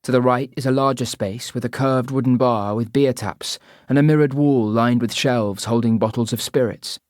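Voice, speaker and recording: Give me a measured male narrator reading an audiobook, mid-pitched and dry. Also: steady tone, a little mellow, no echo. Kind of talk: first-person audiobook narration.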